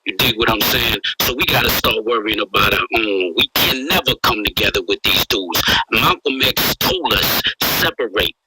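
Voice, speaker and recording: A man's voice: lowish voice, normal speed, few pauses. A man with a Brooklyn accent holds the floor in a heated online room, preaching and repeating "you dig what I'm saying." Heavy noise sits over his line. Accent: New York. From Brooklyn, New York. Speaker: guest speaker. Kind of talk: heated call-in room talk.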